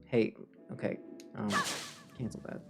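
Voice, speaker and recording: A man streaming a game live, commenting excitedly and in mock outrage as he talks to his chat. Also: a little slow. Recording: game music behind voice. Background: game music.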